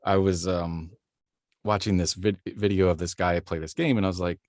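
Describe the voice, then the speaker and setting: Very low-voiced man telling his story. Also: steady tone, moderate pace, a little mellow, no echo. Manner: rambling, self-deprecating, laughs easily. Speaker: voice actor guest. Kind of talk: casual interview storytelling.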